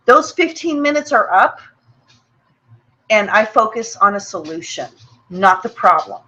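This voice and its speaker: A woman's voice: medium pitch, sing-song, measured pace, sharp tone, low-quality recording. A woman hosting a motivational webinar, talking in an earnest, personal way, often repeating words and checking in with "okay?". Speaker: webinar host.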